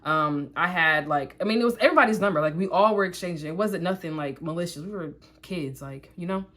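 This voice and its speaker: A woman's voice: on the low side, brisk. A young woman vlogger telling a personal story in a casual, chatty way while doing her makeup. She talks straight to her viewers and fills her sentences with asides and "like.". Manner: chatty, animated storytelling that addresses the viewers directly; frequent "like" fillers and asides.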